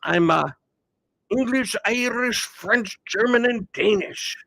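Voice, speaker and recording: During a laid-back livestream, the host greets viewers by name, muses aloud, and narrates a mock race. He talks slowly in a high voice with vocal fry and a fairly bright tone, and there's no room sound.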